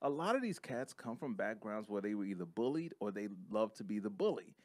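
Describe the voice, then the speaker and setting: A man co-hosting a podcast, talking in an emphatic, animated way and calling his co-host bro and man. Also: fairly low pitch, a little fast, no echo. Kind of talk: casual podcast chat.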